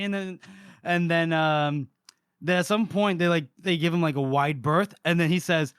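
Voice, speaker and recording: Male podcast co-host, animated storyteller, a bit high, dry close sound. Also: normal speed, clear, resonant tone, no echo. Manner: animated retelling, acts out the characters' lines. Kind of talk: casual chat recapping a book.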